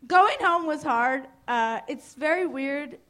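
A young woman from New Jersey does a casual, crude stand-up set on a club stage. Her voice sits high and comes out slow, animated, pushed, and bright, dotted with hesitant fillers and self-mocking asides.

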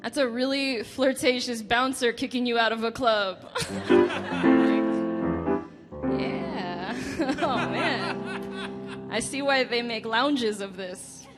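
A woman in her late twenties doing a stand-up set on a club stage, halting and laughing at her own jokes. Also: fairly high pitch, big pitch swings. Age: late 20s. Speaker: stand-up comedian. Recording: reverberant club room with faint music.

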